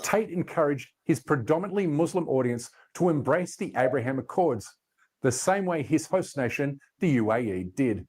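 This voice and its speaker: A man reading scripted commentary narration in a steady, pointed way. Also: fairly high pitch, normal speed, slightly rough. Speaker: video narrator.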